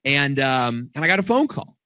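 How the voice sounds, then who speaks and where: A middle-aged man coaching on video marketing in a casual, animated way, telling stories with acted-out quotes, recorded in a home basement studio. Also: medium pitch, normal speed, no room sound. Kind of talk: casual teaching talk.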